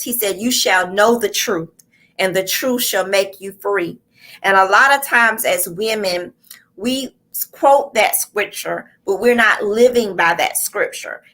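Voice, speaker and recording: A woman's voice: medium pitch, sharp tone. A woman hosting a live online show, giving a fervent, preaching-style motivational talk with repeated call-outs to her listeners. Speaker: host and coach.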